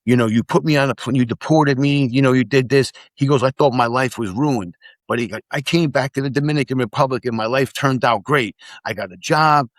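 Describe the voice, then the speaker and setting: Middle-aged male podcast guest, mid-pitched, animated storyteller, dry close sound. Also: fairly quick, no echo. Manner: animated storyteller, acts out quotes, swears. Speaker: podcast guest, former immigration officer. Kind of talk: casual storytelling in conversation.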